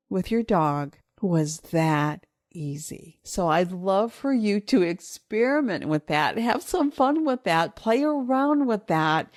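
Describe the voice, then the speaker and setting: A woman hosting a solo podcast for dog owners, coaxing listeners gently and rising into lively bursts of encouragement. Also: medium pitch, dry recording, clean studio sound. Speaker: podcast host and dog trainer.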